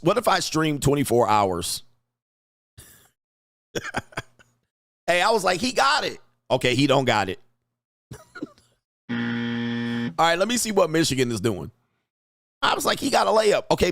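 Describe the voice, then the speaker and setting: A young man hosts a casual live stream, thinking out loud with a quick, excitable delivery. His voice sits at a middle pitch and sounds dry and close, with little room sound around it. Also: no room sound. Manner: thinks aloud, excitable, laughs often. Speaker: livestream host.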